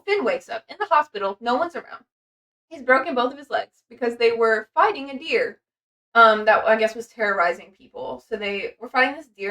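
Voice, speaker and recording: A woman's voice: fairly high pitch, fairly bright tone. A young adult woman hosting a podcast, reading from notes in a rambling casual way, swearing freely and using many fillers. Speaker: podcast host. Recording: voice distant from the mic.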